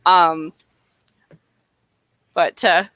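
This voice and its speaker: A woman's voice: lowish voice, fairly even intonation, drawn-out words, fairly bright tone, no echo. Chatty Canadian woman, dry close sound. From northern Alberta, Canada. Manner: rambling, laughs often mid-sentence. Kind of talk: casual podcast chat.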